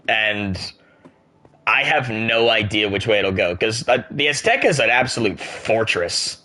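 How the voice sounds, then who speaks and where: A young man from the United States chats casually with viewers while he plays a game. He jokes and reacts out loud to what he sees. His voice is bright and forward, with a lively, sharp edge. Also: fairly low pitch, a little slow. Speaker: streamer. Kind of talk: casual chat while gaming.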